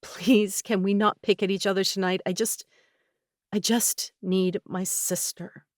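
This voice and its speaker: A woman's voice: mid-range voice, little pitch movement, no echo, clean studio sound, pitched above the performer's own voice, natural voice. A woman voicing a tearful pleading older sister. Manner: soft, pleading, slow.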